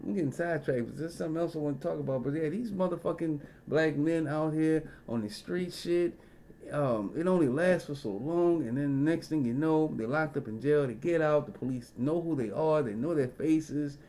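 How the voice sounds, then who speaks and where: Guy ranting a story to camera, kinda high voice, cussing a lot, rambles all over with ums and you knows. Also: expressive, normal speed, dark tone. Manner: profane, rambling with frequent fillers and asides. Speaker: vlogger. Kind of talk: casual storytelling rant.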